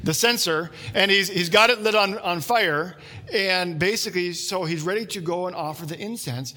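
A man's voice: high-pitched, moderate pace, pushed and bright. A pastor giving a conversational sermon with asides to his listeners.

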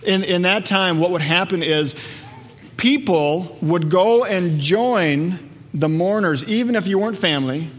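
A man's voice: sits high, a little slow. A man preaching a sermon, telling stories with energy and acting out the voices of the people in them. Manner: lively storytelling, acts out voices. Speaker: pastor. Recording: long reverb of a large hall.

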